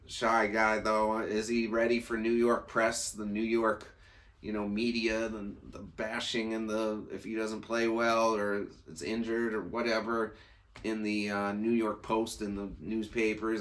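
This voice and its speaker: A man's voice: on the low side, fairly bright tone. A man hosting a casual solo sports talk show, rambling and opinionated, often repeating and restarting his phrases.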